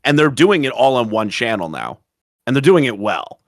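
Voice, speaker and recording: A man's voice: mid-range voice, sing-song, normal speed, dry recording, studio quality. A man co-hosting a podcast, telling rambling stories and swearing often in casual chat. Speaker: podcast co-host.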